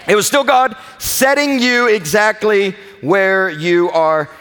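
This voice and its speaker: A young man with a Kentucky accent preaches a sermon in a large church, his voice sitting noticeably high. He stretches key words slowly and draws the congregation into call-and-response. The sound carries a long reverb from the big auditorium. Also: a bit bright, clear, resonant tone. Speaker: pastor.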